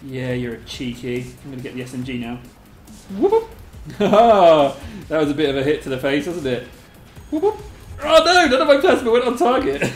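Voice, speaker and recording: A host giving live gameplay commentary, excitable and giggly, squealing a high catchphrase, then muttering quietly to themself. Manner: mutters quietly to self between bursts. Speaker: gaming video host. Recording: roomy echo, faint game music behind.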